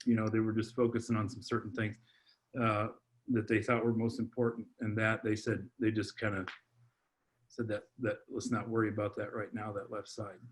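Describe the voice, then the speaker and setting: A man on a podcast, telling a heartfelt personal story in a halting way, full of restarts and repeated words. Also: on the low side, level tone. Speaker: podcast guest, father. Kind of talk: heartfelt personal testimony in conversation.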